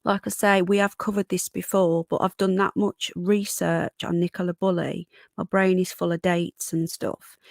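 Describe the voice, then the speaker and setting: Brummie woman with a bit of yorkshire twang, gravelly voice, chatting on a live stream, dry close mic. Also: mid-range voice, a little mellow, no room sound. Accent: Birmingham, with a Yorkshire twang. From Sutton Coldfield, Birmingham, England. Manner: chatty, calls viewers darling and hon, frequent restarts. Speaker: livestream host. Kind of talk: casual live-stream chat reading out comments. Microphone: desk microphone with gain turned up.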